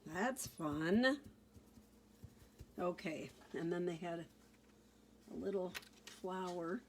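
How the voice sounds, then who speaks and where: Woman, crafting tutorial, unhurried, lowish voice, step-by-step chatter. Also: slight background noise. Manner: chatty, relaxed, talks through each step. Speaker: card-making demonstrator.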